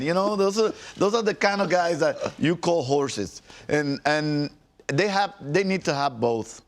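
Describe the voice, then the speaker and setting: A man, a former pitcher working as an analyst, talking emphatically in a studio sports discussion and often repeating himself. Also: lively intonation, a little slow.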